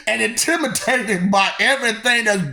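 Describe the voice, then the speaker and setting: Talking straight to the camera, a vlogger delivers a rambling, teasing rant in a gravelly yet bright voice of medium pitch, with a forceful tone and normal speed. Laughter breaks up the lines, and words get repeated in a sing-song way.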